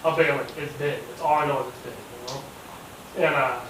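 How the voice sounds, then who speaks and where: Guy telling a hunting story at camp, animated, swears a lot, far from the mic, super echoey. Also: mid-range voice, normal speed. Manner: animated, acts out quotes, swears freely. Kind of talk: casual campfire storytelling. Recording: echoey, distant, noisy camp recording.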